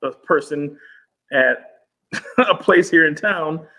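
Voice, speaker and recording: A man in casual podcast chat, an animated storyteller who swears freely and acts out quotes in raised voices. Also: on the high side, takes it slowly, rough recording.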